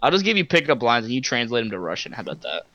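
Loud, lively young-sounding man joking crudely. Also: medium pitch, racing, lo-fi sound, a little hiss or hum. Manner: crude, joking, laughs often. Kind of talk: casual chat.

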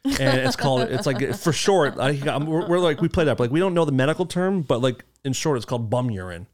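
A man's voice: mid-range voice, big pitch swings, brisk. A man in his thirties hosting a casual podcast chat, telling crude funny stories and laughing along. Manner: crude joking storyteller, laughs often.

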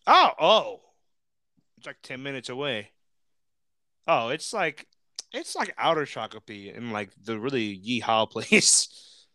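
A man's voice: mid-range voice, unhurried, pauses often, no room sound, clean studio sound. A young man, co-hosting a casual chat and telling stories with frequent laughter. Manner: laughs often, animated storytelling. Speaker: podcast co-host.

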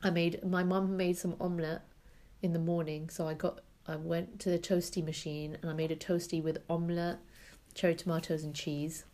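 A young woman co-hosting a podcast while sick, her nose blocked and her voice sitting a little low. She chats loosely and jokes about feeling awful. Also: little pitch movement, moderate pace, warm tone. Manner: chatty, laughing, self-mocking. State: congested, sick with a cold. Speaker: podcast co-host. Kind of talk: casual chat.

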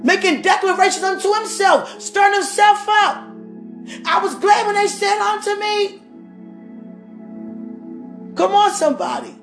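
A woman preaching a sermon with passion, rising to shouts and calling on the congregation. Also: very high voice, measured pace, pauses often. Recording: echoey room with faint music.

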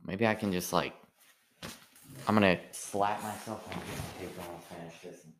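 A tired man, an amateur comedian, rambling in a halting casual monologue full of restarts. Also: low-pitched, fairly even intonation, a crowd in the background.

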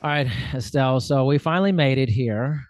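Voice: mid-range voice, brisk, loud music behind the voice. An interview host chatting casually, enthusiastic and complimentary, laughing often.

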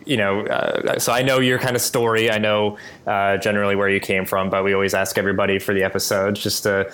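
A man's voice: on the low side, little pitch movement, quick pace, fairly bright tone, clean tone. A man hosting a podcast in casual chat from his office, rambling with lots of fillers. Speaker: podcast host.

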